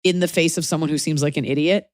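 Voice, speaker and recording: A woman hosts a casual advice podcast, wry and opinionated as she talks things through. Her voice sits a little low, and the sound is close and dry with no room around it. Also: fairly even intonation, dry recording. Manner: wry and opinionated, slips into quick mock voices. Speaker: podcast host.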